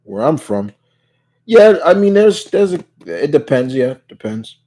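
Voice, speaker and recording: A man's voice: fairly high pitch, very animated, unhurried, mellow. A man hosting a live Q&A stream in casual chat, reading out viewer questions and answering them in a rambling way, full of restarts. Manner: rambling, many restarts and "you know"s. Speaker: livestream Q&A host.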